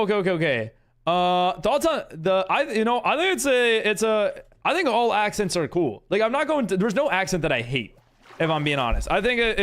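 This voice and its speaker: A man's voice: sits high, a bit bright. A man streaming a game live, chatting casually with viewers and reading chat aloud in a rambling way full of fillers.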